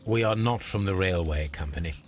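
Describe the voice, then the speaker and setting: A man's voice: sits low, a little fast, a little hiss or hum, lightly acted. An actor playing a shrewd, polite male detective in a video game, asking formal, courteous questions. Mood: composed.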